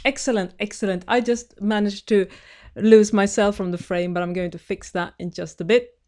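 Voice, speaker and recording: A woman's voice: medium pitch, fairly even intonation, normal speed, a little mellow. A woman with a Swedish accent hosting a sewing live stream, chatting and greeting viewers by name. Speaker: sewing channel host. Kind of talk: casual live-stream chat. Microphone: webcam live stream.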